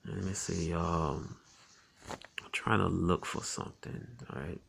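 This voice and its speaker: Low gravelly man teaching scripture. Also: steady tone, a bit bright, slight background noise. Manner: conversational, tags lines with "man" and "all right"; reads scripture slowly and deliberately. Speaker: Bible teacher.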